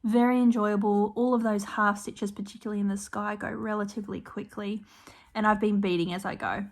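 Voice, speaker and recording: A woman's voice: mid-range voice, steady tone, fairly quick. Chatty Australian woman stitching vlogger. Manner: chatty and warm, with frequent ums and apologies. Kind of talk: casual show-and-tell chat.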